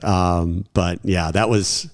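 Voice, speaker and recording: A man in a podcast interview, telling animated anecdotes with laughs and quoted voices. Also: sits low, slow pace. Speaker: podcast guest. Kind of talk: casual storytelling.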